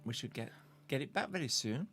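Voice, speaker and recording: A man co-hosting a music chat stream, talking casually and pausing often with fillers. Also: mid-range voice, expressive, a bit bright. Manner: hesitant, full of "uh" fillers. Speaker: co-host, singer-songwriter.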